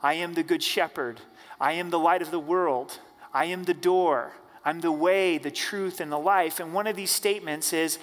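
Pastor guy w a high voice preaching easter sermon, big echoey church hall. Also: a bit bright. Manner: reads scripture aloud, then preaches with measured emphasis. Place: church sanctuary. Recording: church hall with long reverb.

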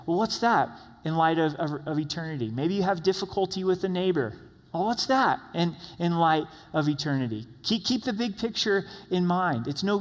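A man preaching a sermon as pastor, animated and exhorting the congregation directly in a church. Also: fairly high pitch. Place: church sanctuary. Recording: long hall reverb.

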